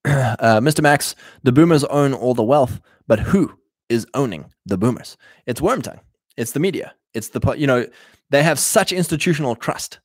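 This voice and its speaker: A man's voice: medium pitch, slightly rough, no echo, clean studio sound. A man in a casual livestream, talking in a rambling way with many fillers and restarts. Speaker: livestream host.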